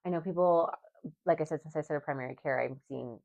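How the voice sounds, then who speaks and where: A woman with a very deep voice co-hosts a casual podcast. She works in primary care and talks bluntly, with crude humor and plenty of swearing. The recording sounds dull and lo-fi. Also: a little fast, creaky, darkish tone. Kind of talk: casual chat.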